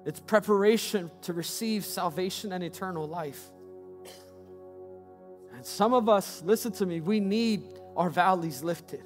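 High-voiced impassioned male preacher. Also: unhurried, faint music behind. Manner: impassioned, repetitive preaching cadence. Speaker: pastor. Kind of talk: sermon.

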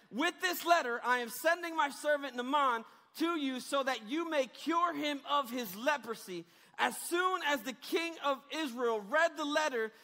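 A male preacher delivering a sermon, retelling scripture in casual slang and rising to shouted emphasis. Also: very high-pitched. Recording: reverberant hall.

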